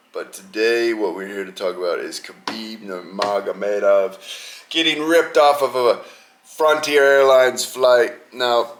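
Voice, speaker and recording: A young man hosting a podcast, talking casually and rambling in an animated, slangy way about an upcoming fight card. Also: lowish voice. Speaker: podcast host. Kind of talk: casual sports chat.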